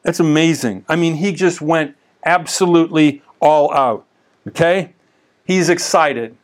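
With a slightly high voice and a measured pace, a man gives casual, conversational Bible teaching. His storytelling is peppered with lively asides and frequent restarts.

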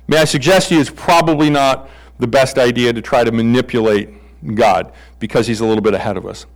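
A man's voice: medium pitch, rough recording. A middle-aged male pastor giving a conversational sermon, playfully acting out bible characters in comic voices.

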